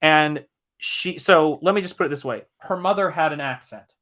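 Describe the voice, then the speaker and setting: This live-stream host and comic artist hails from Tennessee in the American South, and his voice sits on the high side at a normal speed. He chats casually, reads out comments from chat, and tells an animated, emphatic story, cursing now and then when he's fired up.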